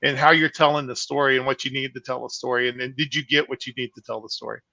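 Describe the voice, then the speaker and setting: A man's voice: medium pitch, fast talker, creaky, no echo. A man, a horror film director, telling casual, profane stories as a guest on a video call, with lots of fillers. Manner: animated, swears freely, many fillers. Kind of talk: casual anecdotal storytelling. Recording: dull, muffled call audio.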